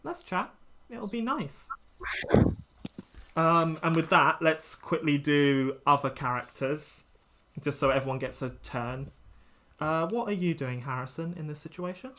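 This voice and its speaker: A young adult game master narrating a tabletop game, relaxed and wordy, searching for words. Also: medium pitch, normal speed.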